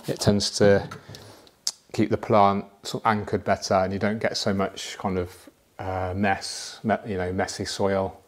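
A man casually explaining how he plants an aquarium, chatty and relaxed, with frequent fillers and asides. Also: fairly low pitch. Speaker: aquascaping presenter.

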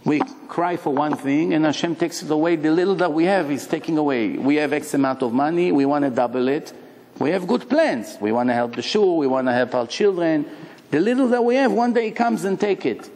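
A man preaching as a rabbi, telling parables with lively rhetorical questions. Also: a little high, a little fast. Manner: animated storytelling with rhetorical questions. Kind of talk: sermon. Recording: long hall reverb.

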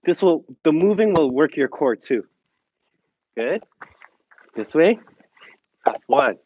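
A man's voice: fairly high pitch, lively intonation, unhurried, a little mellow, husky, lo-fi sound. A man leading an online fitness class, cheering students on and counting reps in English and Korean, a little out of breath. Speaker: fitness instructor. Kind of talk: online exercise class instruction.

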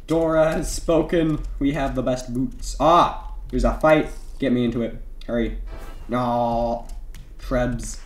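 A man's voice: medium pitch, fairly even intonation, slow pace. Young man giving echoey gameplay commentary. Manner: playful, mock-stern trash talk, turning to panicked yelling. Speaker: gaming YouTuber. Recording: roomy echo, keyboard typing behind.

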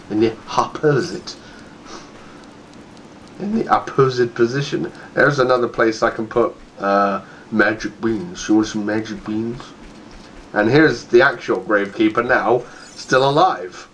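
A chatty man, mid-pitched, talking through his game and laughing at his own jokes. Faint background noise sits under his desk-mic voice-over. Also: fairly bright tone, low-quality recording. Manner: chatty, playful, laughs often and puts on silly voices. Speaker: let's play gamer. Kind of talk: casual game commentary.

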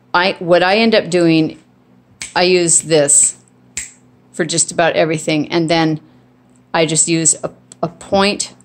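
A low-sitting female voice with vocal fry. She's in her own kitchen, phone in hand, casually demonstrating dog training for a home video, and she rambles chattily, often restarting and saying um.

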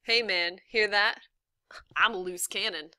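Lady doing a cocky tough boy, brags a lot, bright close voice. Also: mid-range voice, a little slow, dry recording. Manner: brash, boastful. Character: cocky tough seventh-grade football boy.

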